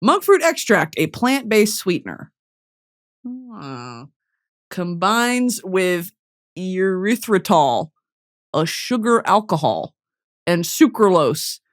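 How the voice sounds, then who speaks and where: Animated, foul-mouthed woman podcast host. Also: takes it slowly. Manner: animated, profane, swings between loud outbursts and low mutters. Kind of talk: casual comedic monologue.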